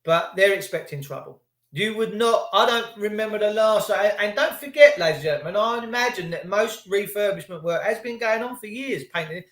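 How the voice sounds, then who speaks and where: A man's voice: high-pitched, lively intonation, brisk, fairly bright tone. A middle-aged man, ranting profanely and sarcastically in a rambling live monologue as a stream host. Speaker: livestream host. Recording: echoey room.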